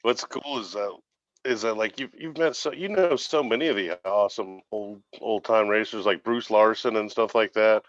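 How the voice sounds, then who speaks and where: A low-pitched man hosts a casual chat, stopping and restarting his phrases as he talks. His voice comes through dull and lo-fi, dry and close. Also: normal speed, no room sound. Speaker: host. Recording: dull lo-fi sound.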